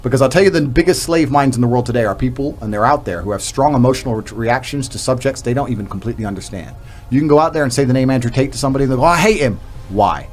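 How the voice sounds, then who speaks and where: A man giving a forceful, confrontational monologue as a podcast guest, hitting some words loudly and dropping others low. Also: rapid-fire. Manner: emphatic, confrontational, swings loud and soft.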